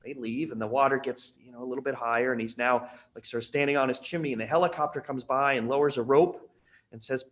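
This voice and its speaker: A man's voice: medium pitch, fairly even intonation, fast talker, a bit bright. Chatty male webinar presenter. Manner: casual, chatty, many fillers. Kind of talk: conference webinar talk.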